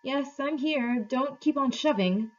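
A woman voicing a brave, bossy young girl who speaks in a brisk, urgent way. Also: high voice, highs cut off, voice pushed up. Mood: exclaiming.

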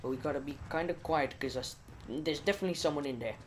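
A man's voice: fairly high pitch, fast, slight background noise, rough recording. A young man giving let's play commentary, muttering to himself with jittery nerves and frequent mild swearing. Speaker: gaming channel host.

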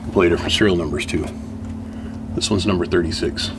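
A man's voice: low-pitched, fast, long pauses, noisy background. A man chatting to camera in his home workshop, telling a long rambling story in a casual, salty way. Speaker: radio repair vlogger.

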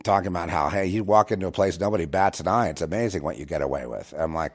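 Rambling, preachy man, lowish voice. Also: very fast, few pauses. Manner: rambling, repetitive, preachy, many restarts. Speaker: show host. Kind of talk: emotional monologue to listeners.

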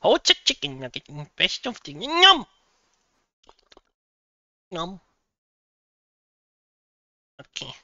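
Bright, lively woman streamer. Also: fairly low pitch, takes it slowly, pauses often, no room sound, muffled recording. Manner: swears a lot, laughs often, thinks aloud. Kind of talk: live game stream chat. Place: home computer setup.

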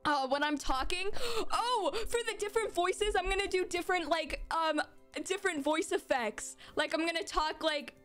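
A woman's voice: very high-pitched, moderate pace, a bit bright, faint music behind. A young woman streaming a game live, giggling and reacting in bemused disbelief as she reads its text aloud.

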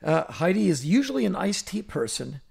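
Gravelly man joking on a podcast. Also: sits high, very animated, normal speed, a little mellow. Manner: joking, rambling storyteller. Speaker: podcast co-host. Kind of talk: casual chat and read ad.

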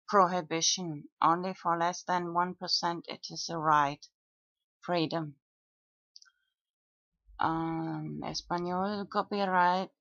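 Slow, flat-voiced woman vlogger. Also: on the low side, no room sound. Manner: slow, flat, with frequent pauses and fillers. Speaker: video blogger. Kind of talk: monologue reading out own comments. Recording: dull lo-fi dry recording.

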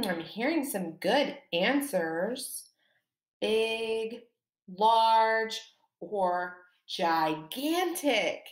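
A woman teaching a second-grade lesson, slowly and encouragingly, stressing words for young children. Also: mid-range voice, roomy sound. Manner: slow, animated, encouraging, exaggerated emphasis for children.

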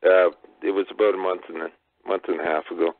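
A man's voice: deep voice, flat delivery, quick pace, no room sound. A man hosting a call-in show, talking easygoing and agreeable. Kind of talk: casual phone-in talk. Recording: tinny phone line, dry.

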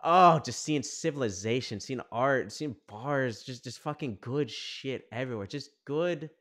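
A young man from New York hosts a casual talk show, telling a long story in a profane, exasperated rant. His voice sits at an ordinary pitch, and he swears freely as he goes. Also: measured pace, fairly bright tone. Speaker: podcast host. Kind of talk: ranting casual monologue.

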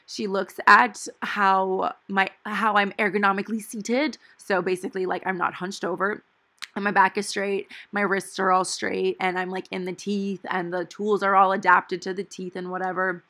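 A woman's voice: mid-range voice, level tone, moderate pace, bright, forceful tone. A young woman in her twenties talking casually and rambling through her week as a planner vlogger, with playful asides. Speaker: planner vlogger and dental hygiene student. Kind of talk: casual chatty voice-over while planning.

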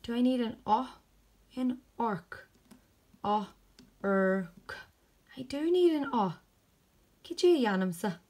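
Slow-sounding woman teaching phonics. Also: fairly high pitch, expressive, darkish tone. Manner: slow, sounds out letters one by one. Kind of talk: phonics lesson for children.

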